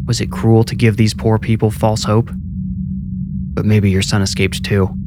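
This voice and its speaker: A man's voice: lowish voice, little pitch movement, normal speed, very noisy, close to an everyday voice. Man reading a hesitant, shaken young man. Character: shaken young man who escaped a monster.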